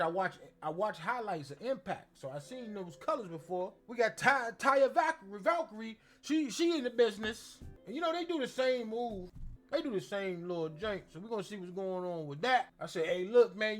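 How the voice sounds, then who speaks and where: A man with a high-pitched voice recaps a wrestling show in loose, slangy talk. He keeps it animated and jumps into exaggerated voices to act out what people said. It sounds like a casual streamed rant. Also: fairly quick, soft background music.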